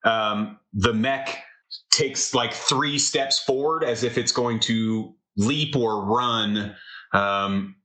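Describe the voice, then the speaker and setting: A man running a tabletop game, his voice bright and forward at a middle pitch. He talks loosely, filling gaps with fillers and swearing freely. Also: steady tone, slow, poor audio. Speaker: game master.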